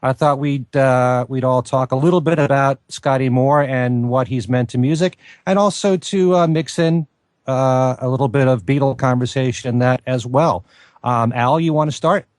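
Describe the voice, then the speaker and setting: A man's voice: mid-range voice, moderate pace, a little mellow, no echo. A man hosting a casual podcast, introducing guests and topics. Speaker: podcast host.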